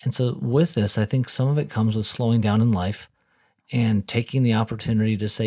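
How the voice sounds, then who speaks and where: A man's voice: on the low side, steady tone, brisk, dark tone. A middle-aged man co-hosting a faith-based podcast, talking earnestly and repeating phrases for emphasis like a preacher. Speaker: podcast co-host.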